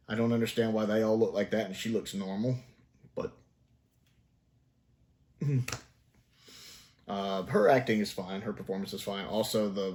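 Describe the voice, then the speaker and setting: A man with a Southern American accent talks through his thoughts on an old TV episode in a loose, rambling review. His voice sits fairly low, and he often restarts sentences and breaks into small laughs. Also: a little mellow. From Southern United States. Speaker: TV review vlogger. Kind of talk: casual spoken review.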